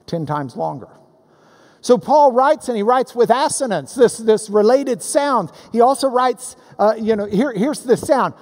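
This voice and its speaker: A man preaching a sermon as pastor, animated and playful as he recites rhymes and sounds out words. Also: extremely high pitch, a little slow. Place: church sanctuary. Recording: long hall reverb.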